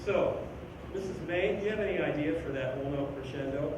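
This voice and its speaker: Man, band clinician, animated and joking, somewhat high voice, very echoey band room, distant mic. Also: brisk. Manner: animated and joking, sings rhythms aloud. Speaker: band clinician conducting a rehearsal. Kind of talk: rehearsal instruction. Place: school band room, indoors. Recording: very echoey room from far off with background noise.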